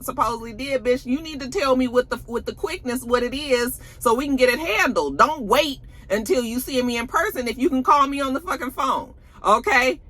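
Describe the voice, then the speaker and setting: A woman recapping a reality show in a blunt, sassy way, swearing freely and acting out the cast. Her voice is bright and forward. Her pitch leaps and dips all through her talk. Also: lively intonation, fairly quick, few pauses. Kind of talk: casual TV recap commentary.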